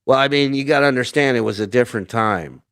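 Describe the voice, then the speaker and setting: A man, a comedian, telling profane stories in a casual interview and jumping into quick voices for the people in them. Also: mid-range voice, clean tone, dry recording, studio quality. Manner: profane, animated storyteller doing quick voices for people in his tales. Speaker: guest, comedian.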